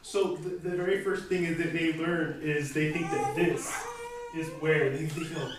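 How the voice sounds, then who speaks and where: A woman's voice: low voice, steady tone, moderate pace. A woman teaching a casual class in a playful way, laughing often and acting out her examples. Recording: echoey noisy room from far off.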